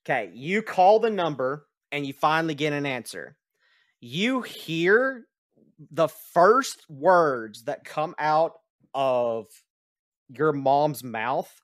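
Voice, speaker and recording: A man's voice: a little high, animated, slow, no room sound, studio quality. A man running a tabletop game as game master, narrating hesitantly and joking about his own voice acting. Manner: hesitant, self-deprecating.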